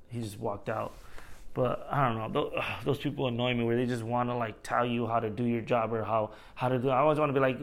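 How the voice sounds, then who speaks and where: A man's voice: mid-range voice, quick pace. A man who works as a store manager, venting in a casual monologue, rambling, swearing often and laughing at himself.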